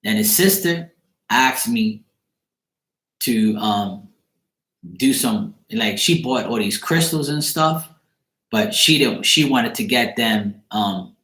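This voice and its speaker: A man with a fairly low voice rambles through a story in a loose, casual way, and his speech is peppered with swearing. He talks to the camera from his own apartment, and the sound bounces around an echoey room. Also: a bit bright. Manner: loose, profane, rambling retelling. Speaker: psychic card reader.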